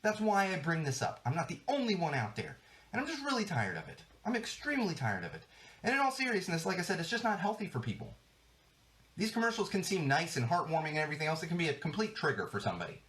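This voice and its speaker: A man's voice: on the high side, huge pitch swings, quick pace, fairly bright tone. A man hosting a podcast, ranting in an exasperated, emphatic way and swearing often. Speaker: podcast host. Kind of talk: solo podcast rant. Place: studio.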